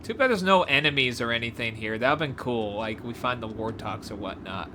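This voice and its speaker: Excitable woman exploring a game glitch. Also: rumbling low, brisk, background noise. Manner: excitable, gasping, says "oh my gosh" often. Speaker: gameplay video creator. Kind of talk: excited gameplay commentary.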